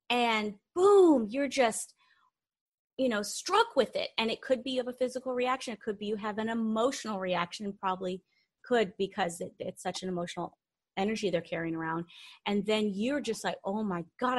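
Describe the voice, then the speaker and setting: A woman guest in a conversational interview, talking with animation and acting out the inner voices of her examples. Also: a little high.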